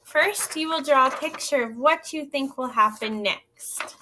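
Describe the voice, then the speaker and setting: A woman teaching young children in a recorded lesson, reading a story aloud and asking gentle, encouraging questions. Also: sits high, lively intonation, measured pace, few pauses, a little hiss or hum. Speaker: elementary school teacher.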